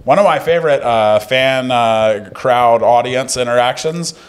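A man's voice: medium pitch, unhurried, smooth. A man, a stand-up comedian telling wry stories and crude jokes in casual podcast chat.

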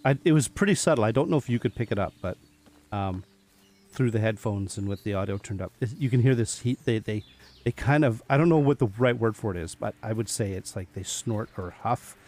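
A man's voice: lowish voice, lively intonation, brisk, a little mellow. A man giving casual gameplay commentary, chatting to the animals he meets and laughing often as he plays. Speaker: gaming video host.

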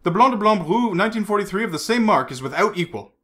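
A man's voice: high-pitched, animated, quick pace, bright, forceful tone, voice pushed up. A man reading aloud, voicing a deferential, courteous male wine steward. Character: polite, fussy French male wine steward.

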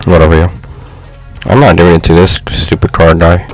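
A young man giving casual gameplay commentary, frustrated and slangy, yelling at his teammates. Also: low-pitched, level tone, normal speed, soft background music, poor audio. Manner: frustrated, exclaiming, slangy trash talk. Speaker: gaming YouTuber.

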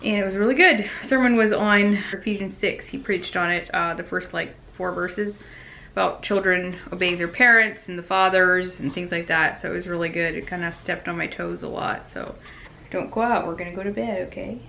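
A woman in her thirties chatting casually to the camera in a family vlog, easygoing with soft laughs. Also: fairly low pitch, moderate pace, gravelly, slight background noise, poor audio. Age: 30s. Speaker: family vlogger.

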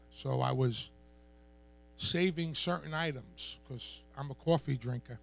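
A man giving a personal testimony at a church open mic, speaking haltingly and repeating words. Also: mid-range voice, creaky.

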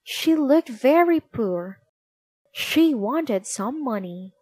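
A woman reading a children's storybook aloud in a slow, expressive way. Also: sits high, slight background noise. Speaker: narrator.

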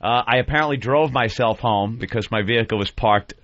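A man's voice: medium pitch, a little fast, fairly bright tone, a little hiss or hum. A man co-hosting a radio talk show, tossing in wry quips and laughing easily. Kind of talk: casual radio banter. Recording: dull dry lo-fi radio broadcast.

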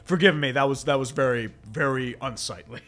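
A man's voice: medium pitch, moderate pace, a bit bright, faint music behind. A man with a stuffy nose, hosting a live stream, chatting in a rambling way, reading out chat questions and swearing now and then. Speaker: livestream host reading chat. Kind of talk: casual live commentary.

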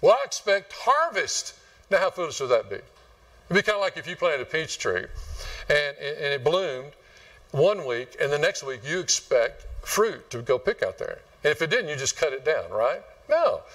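A man's voice: fairly high pitch, big pitch swings, normal speed, a bit bright, far from the mic. A man from West Texas, preaching a folksy, rambling sermon and quizzing his congregation. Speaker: pastor. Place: church sanctuary.

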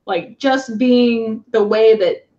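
Woman guest, fairly high voice, rambling anecdote, muffled lo-fi recording. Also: dark tone. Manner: halting, many fillers, acts out quoted voices. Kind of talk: casual storytelling. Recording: dull lo-fi sound.

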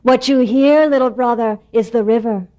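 A friendly raccoon, loud, raised and welcoming as he calls out to the little mouse, as a woman storyteller acts him out. The voice keeps a mellow warmth under its lift. It belongs to a live spoken story for listeners. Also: fairly high pitch, moderate pace, dull audio, close to an everyday voice. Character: friendly male raccoon, helpful guide.

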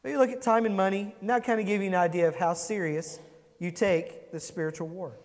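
A man's voice: high-pitched, steady tone, a little fast, in a large hall. A man preaching a conversational sermon, asking the congregation questions. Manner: conversational, asks the congregation questions, acts out quotes. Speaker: pastor.

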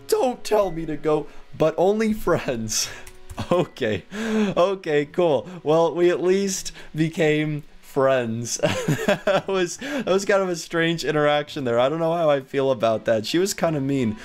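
A young man giving playful gameplay commentary, laughing often and reading chat aloud in a slow, dopey voice. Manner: excitable, laughs often, jumps higher when panicked. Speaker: gaming video host. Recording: faint background music.

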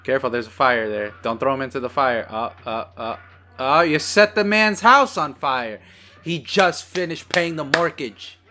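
A man's voice: mid-range voice, moderate pace, bright, forceful tone, soft background music. A man hosting a casual movie watch-along, joking sarcastically at the screen and swearing freely. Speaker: host.

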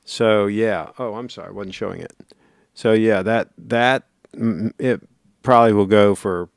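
A man's voice: lowish voice, unhurried, vocal fry, dry recording, studio quality. A middle-aged man hosting a casual livestream, reading viewer comments aloud and rambling on in a chatty, self-correcting way.

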